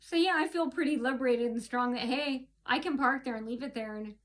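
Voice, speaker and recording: A woman's voice: high voice, fairly quick. A woman in a casual complaint vlog, telling her story in an indignant, rambling way with many restarts. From United States. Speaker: vlogger.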